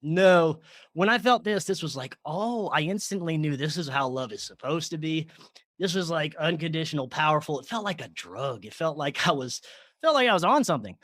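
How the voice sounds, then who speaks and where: Animated man telling a story, dry sound. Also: on the high side, brisk, dry recording. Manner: animated, laughs often, many fillers. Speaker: podcast guest. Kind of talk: casual storytelling.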